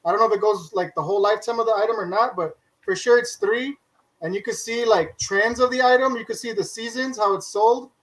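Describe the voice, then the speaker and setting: A man talks through his selling methods in a casual group chat. His voice sits high for a man, and he often stammers and restarts. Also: fairly quick, a bit bright, poor audio. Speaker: Amazon reseller guest. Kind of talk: casual explaining.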